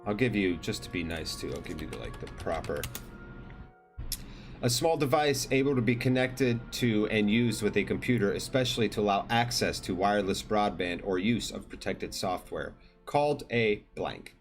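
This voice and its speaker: A man's voice: fairly low pitch, moderate pace. A man hosting a live online trivia show in a loose, joking way, teasing teams and handing out points, with faint music behind him. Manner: jokey, loose, teasing players by team name. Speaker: trivia quiz host. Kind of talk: casual live quiz hosting.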